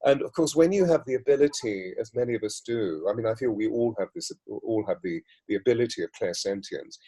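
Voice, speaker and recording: A man, a voice coach and mystic guest, talking in a measured, flowing way in an interview, building long lists and repetitions. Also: lowish voice, expressive, warm tone, husky, rough recording. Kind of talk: reflective interview talk.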